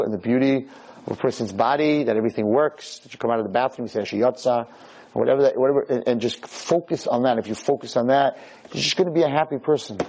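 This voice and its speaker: This low-quality recording captures a rabbi lecturing on Torah to a live room audience in a darkish tone. He speaks with emphasis, restates his points, and moves his pitch up and down.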